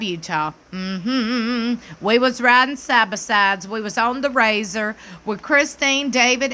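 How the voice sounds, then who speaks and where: A woman YouTuber recaps a TV episode in a casual chat, speaking animatedly and with emphasis. Her medium-pitched voice sounds pushed and bright.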